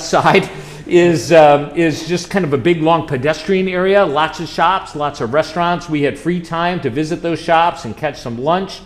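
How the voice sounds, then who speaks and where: Chatty, folksy man giving a slideshow talk. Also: a little high. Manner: folksy, chatty storytelling with fillers and asides to the audience. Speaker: chaplain presenting a trip.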